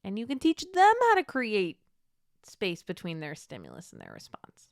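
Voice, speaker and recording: Woman, podcast host, encouraging, reassuring, mid-pitched, dry recording. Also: wildly swooping pitch, normal speed, gravelly, no room sound. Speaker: podcast host and Catholic mom coach. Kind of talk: warm teaching monologue.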